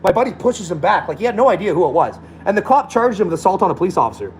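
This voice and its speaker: A man's voice: high voice, big pitch swings, very fast, a little hiss or hum, poor audio. A man ranting bluntly and combatively, swearing freely in a loose, profane monologue. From Alberta, Canada. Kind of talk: profane rant.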